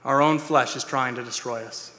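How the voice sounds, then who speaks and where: Earnest and plain in his preaching, a pastor speaks to his church with "uh"s and restarts. His mid-range voice holds a steady tone at normal speed, sounding pushed and bright, and the sanctuary adds long hall reverb.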